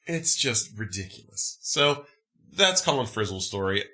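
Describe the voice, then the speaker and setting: A man hosting a casual movie podcast, recapping a film in an animated, profane, exasperated way. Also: lowish voice, measured pace. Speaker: podcast host.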